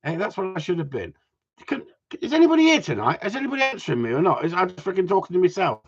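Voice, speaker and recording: Man, casual livestream rambler, jokey and sweary, high lively voice. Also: racing, breathy edge, dull audio. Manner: rambling, joking, swearing, talking to viewers. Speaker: gundog trainer.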